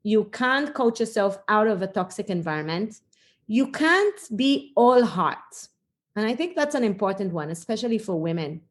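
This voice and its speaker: A middle-aged leadership coach, appearing as a podcast guest, tells her own story in a reflective, earnest, and very animated way. Her voice sits at an ordinary middle pitch, and she often pauses on small fillers while gathering her thoughts during the conversational interview.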